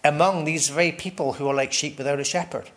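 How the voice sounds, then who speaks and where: A man's voice: a little high, quick pace. A man preaching a sermon in a conversational way, asking the congregation questions, tagging "right?" onto his points and laughing lightly between phrases.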